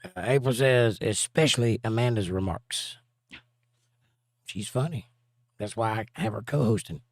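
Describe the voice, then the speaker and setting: A man's voice: fairly low pitch, a little slow, no echo. A middle-aged man hosts a livestream in a loose, joking way and reads out viewer comments between crude asides. His voice is recorded close and dry, with no room sound around it. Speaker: livestream host and musician. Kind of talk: casual chat, reading viewer comments aloud.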